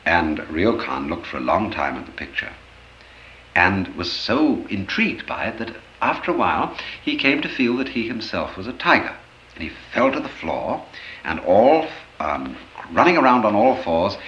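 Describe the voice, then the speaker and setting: A man giving an expressive storytelling lecture, acting out the anecdotes as he goes. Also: sits low, normal speed, slight background noise. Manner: expressive, animated, acts out stories. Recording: roomy, dull old lecture recording.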